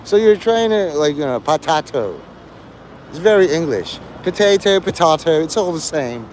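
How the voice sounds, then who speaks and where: A man's voice: a little high, big pitch swings, normal speed, darkish tone, slight background noise. A man live-streaming in a rambling, sarcastic and profane way, mocking a chat viewer. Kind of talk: rambling livestream banter.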